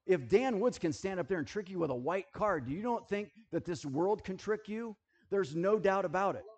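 A man preaching a sermon, animated and jokey, who keeps checking that his listeners are following. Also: high-pitched, normal speed. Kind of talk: sermon with object lessons.

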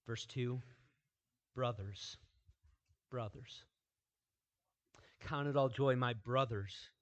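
Male pastor, slow deliberate sermon delivery, quiet-to-loud emphatic swings. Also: mid-range voice, dull audio.

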